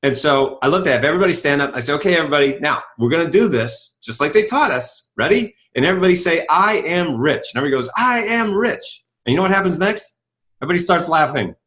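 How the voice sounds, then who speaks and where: A man's voice: fairly high pitch, very fast. A middle-aged man giving a motivational talk, telling a story and acting out dialogue, with many rhetorical questions. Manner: animated storytelling, acts out dialogue; asks rhetorical questions, says "right?" often. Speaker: self-help speaker.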